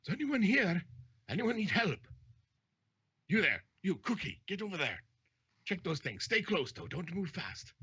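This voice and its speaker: A man putting on a gruff sea captain shouting through fog. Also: sits high, big pitch swings, a little slow, pauses often, voice pushed up, full character voice. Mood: commanding. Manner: calling out, commanding. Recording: dull lo-fi audio.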